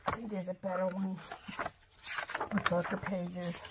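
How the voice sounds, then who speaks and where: A woman's voice: medium pitch, level tone, a little slow, creaky, pauses often, very noisy. A middle-aged woman from Ohio gives a casual, rambling show-and-tell of her craft project, with apologetic asides. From Ohio, USA. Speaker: craft vlogger.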